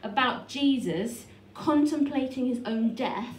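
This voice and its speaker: A pregnant woman in her thirties performing a stand-up comedy set on a small club stage, with a dry, self-deprecating delivery full of quick restarts. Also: high-pitched, darkish tone. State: heavily pregnant. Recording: echoey club room from far off, noisy.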